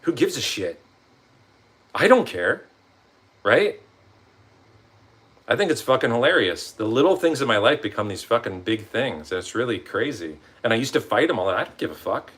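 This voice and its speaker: A man vlogs a rambling, casual motivational monologue, swearing often and acting out quotes from himself and others in different voices. His voice is medium-pitched and slightly rough, moving at a moderate pace with long pauses.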